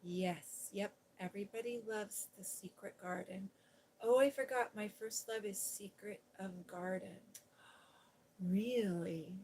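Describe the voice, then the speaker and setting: A middle-aged woman speaks slowly and gently in a sweet, cooing voice, as if soothing a listener toward sleep. She chats like a soft-spoken ASMR host and tells a story close to the mic. A faint hiss sits under her voice. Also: medium pitch, low-quality recording. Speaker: ASMR host reading aloud.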